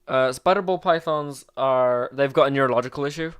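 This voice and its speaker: A man's voice: mid-range voice, a little fast, fairly bright tone, smooth, dry recording, clean studio sound. Rambling man hosting a podcast. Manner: rambling, restarts mid-sentence. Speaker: podcast host. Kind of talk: casual podcast chat.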